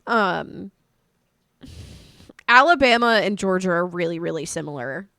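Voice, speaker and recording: A woman from North Carolina with a North Carolina Southern accent, chatting casually with viewers on a live stream in a rambling, animated way. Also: fairly low pitch, measured pace, vocal fry, no echo, studio quality.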